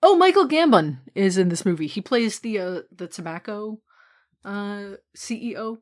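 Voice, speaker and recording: A woman's voice: mid-range voice, animated, normal speed. A woman co-hosting a podcast, chatting casually and enthusiastically about a film, laughing often and trailing off into fillers. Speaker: podcast co-host.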